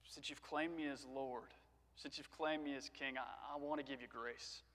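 A preacher voicing a gentle, tender Christ. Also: male voice, sits high, in a large hall, pitched above the performer's own voice. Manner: soft and slow. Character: gentle loving male Christ, quiet and tender.

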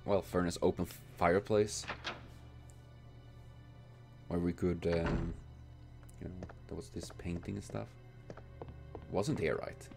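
A man giving let's play commentary, exasperated and swearing constantly, with sudden loud outbursts. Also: low-pitched, steady tone, takes it slowly, gravelly, long pauses, faint music behind. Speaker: gaming channel host.

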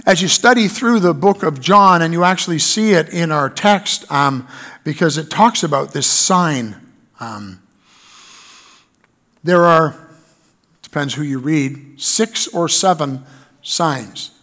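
High-voiced man preaching a sermon. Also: animated, slow, pauses often, sharp tone. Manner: reads scripture aloud, then preaches with rising emphasis. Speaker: pastor. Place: church.

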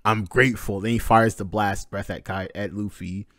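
Excitable man reacting to a manga chapter. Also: fairly low pitch, moderate pace, dry recording, clean studio sound. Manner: excited, swearing, narrating panels. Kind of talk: live manga reading reaction.

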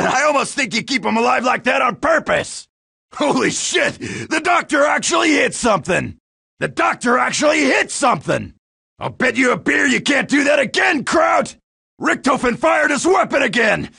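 A gravelly, shouting American marine. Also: male voice, very high voice, exaggerated voice. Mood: brash taunting. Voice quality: gravelly, raspy. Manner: shouting, crude taunting bravado. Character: brash loudmouthed American marine, middle-aged, cocky. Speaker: video game character. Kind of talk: video game voice lines.

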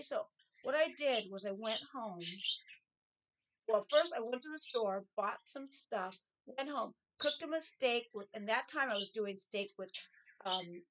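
A middle-aged woman telling casual stories from her past, chatty and animated, acting out what people said. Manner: chatty, animated, acts out quotes in a higher voice. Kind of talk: casual storytelling.

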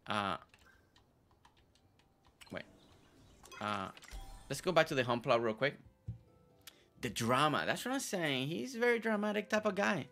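Bright-voiced playful game streamer man. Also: medium pitch. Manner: playful, joking, chats with viewers. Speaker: gaming streamer. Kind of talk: casual gameplay commentary. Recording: faint game music behind.

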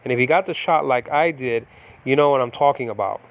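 A man's voice: mid-range voice, fairly quick. A middle-aged man from the United States giving a casual Bible study lesson from his home, rambling with many fillers and restarts. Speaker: Bible teacher. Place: home in the Philippines.

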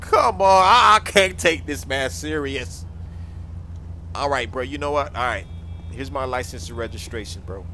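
A man's voice: mid-range voice, expressive, moderate pace, pushed and bright, a little hiss or hum. A man playing a whiny young driver pulled over by a cop, pleading and complaining. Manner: pleading and complaining, calls everyone bro.

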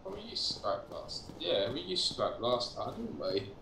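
A laid-back man talks his way through a co-op game, tossing out jokes and the odd swear. His voice sits in an echoey room over a call line with a faint hiss behind it. His pitch is middling. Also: sing-song, measured pace, sharp tone. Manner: laid-back, swearing and joking while playing. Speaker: co-op gaming partner on a call. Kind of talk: casual co-op gaming chat.

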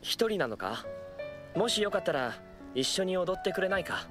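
An actor voicing a polite, earnest teenage schoolboy in an anime. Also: male voice, high voice, big pitch swings, fast talker. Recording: anime clip with music behind.

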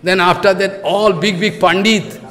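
A man's voice: high voice, fairly even intonation, moderate pace, fairly bright tone. A man giving a devotional talk as a spiritual teacher. He tells a story in simple non-native English, acts out the quotes and keeps asking if listeners follow. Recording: long hall reverb.

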